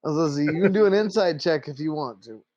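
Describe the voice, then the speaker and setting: A man's voice: on the high side, fast talker, a little mellow, no echo, lo-fi sound. A man narrating as game master of a tabletop game, loose and full of fillers. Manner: loose, filler-heavy, laughing easily.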